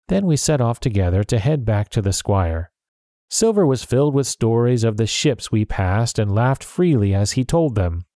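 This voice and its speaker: Man, storybook narration, measured steady delivery, mid pitch, dry close sound. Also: dry recording. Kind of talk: storybook reading.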